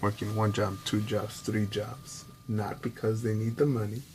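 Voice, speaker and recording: Man rambling candidly, low voice. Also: flat delivery, a little slow, background noise. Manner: rambling, candid, swears, mimics others in high voice. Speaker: vlogger. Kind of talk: personal reflective monologue.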